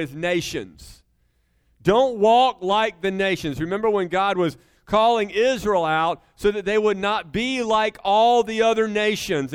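A man's voice: high voice, clear, resonant tone. A middle-aged man preaching a sermon, emphatic and conversational, often turning to the congregation with asides. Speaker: pastor.

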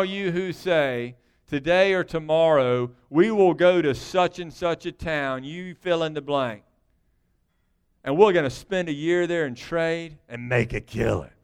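A man preaching a sermon in a folksy, joking way, his voice swinging between loud bursts and hushed asides. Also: high voice, expressive, moderate pace, smooth. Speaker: pastor.

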